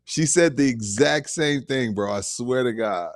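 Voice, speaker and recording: A man, co-hosting a podcast with teasing, animated banter. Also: medium pitch, a little slow, no echo, studio quality. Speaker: podcast co-host. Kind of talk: casual chat.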